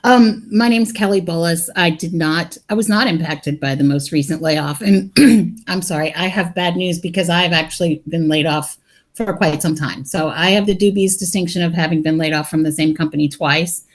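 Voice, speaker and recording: A talkative middle-aged woman with a somewhat low voice, speaking frankly on a video call. She mixes blunt advice with jokes about herself, in an open, conversational way. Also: normal speed. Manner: candid, talkative, joking. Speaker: laid-off operations worker sharing in a support group. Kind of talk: casual group video call.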